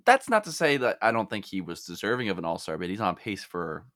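A man co-hosting a casual podcast, talking in an animated way, with his voice jumping up when he makes a point. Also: on the low side, fast, no echo, studio quality. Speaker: podcast co-host. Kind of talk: casual chat about a fantasy baseball league.

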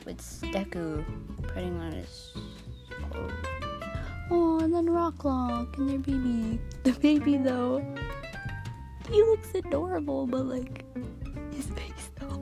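A woman's voice: high voice, animated, slow, pauses often. A young woman casually rambling through a manga review with lots of fillers and giggles. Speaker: vlogger. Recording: guitar music playing behind voice.

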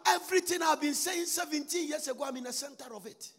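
A man preaching a sermon in a church, swinging between shouted and sung phrases and repeating lines for emphasis. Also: extremely high pitch, fast. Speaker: pastor. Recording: long reverb, faint music behind.

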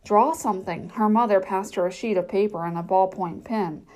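A woman narrating a children's novel audiobook at a measured storytelling pace. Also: mid-range voice, fairly even intonation, darkish tone.

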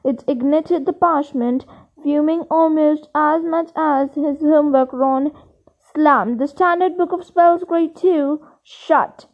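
A woman with a high voice reads a novel aloud, plainly and steadily, stumbling on a word now and then. The recording sounds dull and lo-fi. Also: slow. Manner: plain reading with occasional slips and restarts. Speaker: audiobook reader.

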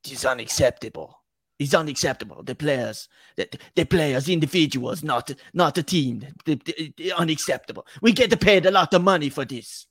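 Guy doing a fake italian accent, angry middle-aged football boss, stop-start repeated ranting, kinda high voice. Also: no echo, clean studio sound. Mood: indignant. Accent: put-on Italian. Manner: halting, repetitive ranting.

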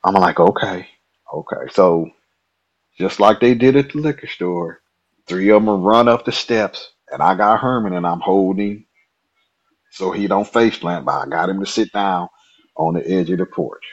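A man guest telling a personal story in a lively, colloquial way. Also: low-pitched, normal speed, lo-fi sound.

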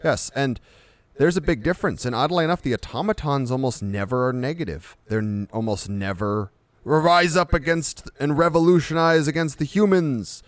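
A man's voice: medium pitch, normal speed, no room sound. A man co-hosting an unscripted chat, rambling and spinning vivid comic examples. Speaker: podcast co-host.

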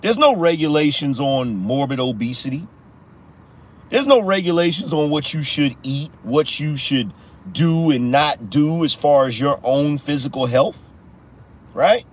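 Husky-voiced man hosting, slow and lively. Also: fairly high pitch. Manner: slangy, repetitive, teasing the audience. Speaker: podcast host. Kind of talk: live-show commentary monologue.

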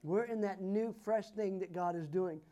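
A man ministering as a prophet, praying and declaring prophetic words over people in a fervent style that builds to loud, emphatic declarations. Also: high voice, moderate pace, highs cut off.

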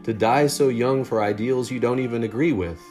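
Storybook figure: a timid, anxious runaway teen girl, voice pitched up, read by a man. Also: fairly quick, a little mellow, soft background music, natural voice. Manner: timid and hesitant, stammers. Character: frightened runaway teenage girl.

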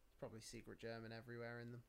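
A man's voice: medium pitch, monotone, very fast, gravelly, a little hiss or hum. A man with an English accent hosting a podcast, chatting casually, rambling, swearing freely and laughing between points. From England. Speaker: podcast host. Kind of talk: casual chat.

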